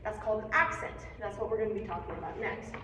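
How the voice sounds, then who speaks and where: A woman's voice: mid-range voice, fairly even intonation, fast, background noise. A young woman giving a patient, encouraging percussion lesson, explaining strokes step by step. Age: young adult. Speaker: percussion teacher. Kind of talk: hands-on music lesson. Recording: echoey room, mic far off.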